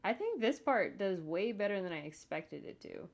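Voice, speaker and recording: Her pitch is medium but swings widely as this woman animator speaks at normal speed to her livestream audience. Working at home, she chats casually, rambling as she thinks out loud.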